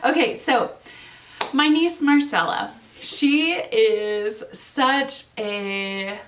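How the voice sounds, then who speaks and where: A woman in her twenties hosts her own podcast, chatting casually and bubbly with plenty of fillers in a casual solo podcast chat. Her voice is on the high side and very slow, recorded from a distance with a little hiss or hum.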